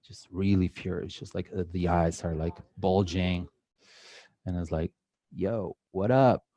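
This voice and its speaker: A man's voice: deep voice, little pitch movement, measured pace, dark tone. A man with a Mexican accent giving a live drawing workshop to an audience, chatty and joking with many filler uhs. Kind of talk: casual live demo talk to an audience. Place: event hall with an audience.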